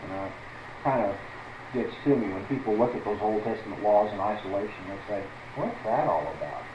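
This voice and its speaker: A man's voice: on the low side, fairly quick, reverberant, noisy background. A man teaching through a Bible passage as a preacher, stressing words one by one and putting questions to his listeners.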